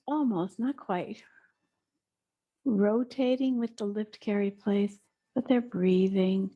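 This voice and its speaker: A middle-aged woman teaching a guided movement lesson indoors, giving slow, soothing instructions with soft breathy asides. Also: medium pitch, dull audio. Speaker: eurythmy teacher. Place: indoor room, small.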